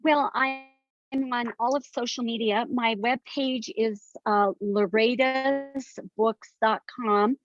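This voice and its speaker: A woman's voice: a little high, fairly even intonation, slow, no echo. Older woman telling stories earnestly. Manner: earnest, detailed storytelling. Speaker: guest author. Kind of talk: conversational interview. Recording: dry, slightly dull sound.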